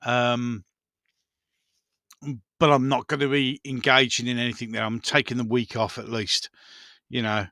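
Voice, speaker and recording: A man's voice: mid-range voice, flat delivery, a little slow, pauses often, sharp tone, no echo, clean studio sound. Chatty Brummie man in his fifties. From Birmingham, England. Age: 50s. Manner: chatty, rambling, frank, swears casually. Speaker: channel host. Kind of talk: casual live-stream chat.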